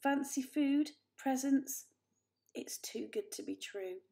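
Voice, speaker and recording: A woman's voice: sits high, takes it slowly, vocal fry, dark tone, voice pushed up, full character voice. A woman voicing an old, worried male cat elder who pleads earnestly.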